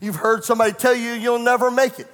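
High-voiced preacher in an echoey hall. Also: male voice, flat delivery, fast talker, a bit bright. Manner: storytelling, rising to fervent preaching. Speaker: pastor. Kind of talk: sermon. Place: church sanctuary.

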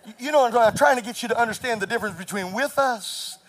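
A man preaching a sermon as pastor, rising to shouts and telling stories with laughter. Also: very high voice, fast talker.

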